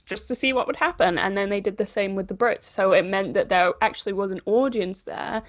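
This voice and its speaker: A young woman in her twenties co-hosting a podcast, chatting in an animated way and laughing often, recorded over a video call. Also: medium pitch, fairly quick, no room sound. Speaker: podcast co-host. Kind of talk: casual chat. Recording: dry close sound over a call.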